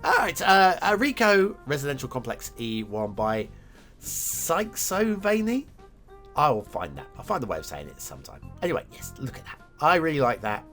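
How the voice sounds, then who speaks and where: Animated man reviewing game maps. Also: medium pitch, fairly quick, hardly any pauses, faint music behind. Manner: chatty and enthusiastic, with filler words and self-corrections. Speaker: host of a game map review show. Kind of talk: casual game commentary.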